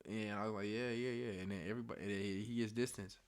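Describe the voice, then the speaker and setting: A young man telling a story to camera in casual slang, animated, dropping to hushed tones and then getting loud. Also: fairly low pitch, fast. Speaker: storytime vlogger.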